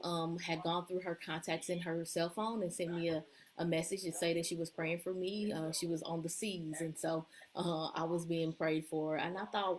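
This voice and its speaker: A woman life coach giving a casual live-stream pep talk from home, with many ums and pauses. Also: on the low side, fairly even intonation. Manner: warm-hearted, loose, with many ums and uhs. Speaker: leadership and empowerment coach. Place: at home at a table with children nearby.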